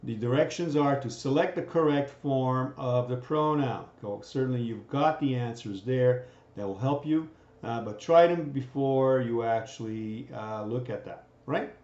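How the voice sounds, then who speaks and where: A man's voice: mid-range voice, unhurried, darkish tone. Man lecturing, tagging "right?" often. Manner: keeps asking "right?" to check understanding. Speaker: teacher. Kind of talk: recorded grammar lecture. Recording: dull, roomy lecture recording.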